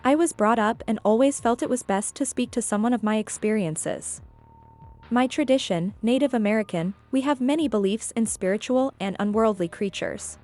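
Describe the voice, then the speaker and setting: Female reader, higher voice, steady first-person narration with faint music behind. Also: moderate pace. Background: faint background music.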